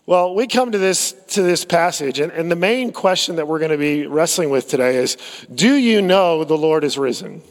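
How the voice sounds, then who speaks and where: Pastor preaching in a reverberant church. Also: male voice, fairly high pitch, expressive, normal speed. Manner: storytelling, conversational, with fillers and repeats. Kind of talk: sermon. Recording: long hall reverb.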